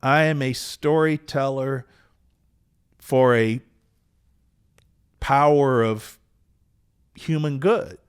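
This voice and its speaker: A man, telling a personal story as a podcast host, earnest and unhurried, with small restarts. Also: medium pitch, fairly even intonation, clean tone. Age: 60s.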